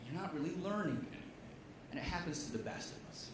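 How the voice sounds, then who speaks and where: A man's voice: on the high side, lively intonation, fast talker, slight background noise. A man doing stand-up storytelling, with a dry, self-deprecating delivery. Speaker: comedian. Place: stage at a live comedy show. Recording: echoey venue with faint ambience.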